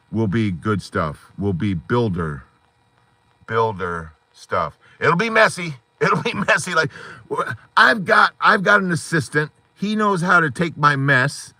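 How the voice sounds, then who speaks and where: A man hosting an unscripted live stream from inside his parked car at night, rambling and animated, slipping into quoted voices. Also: mid-range voice, measured pace, no room sound. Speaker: live-stream host of a divorced dads channel.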